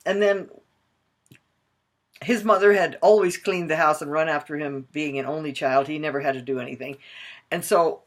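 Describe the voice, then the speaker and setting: An older woman coaching mothers, telling a personal story in an expressive way and acting out the voices in it. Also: low voice. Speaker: parenting coach.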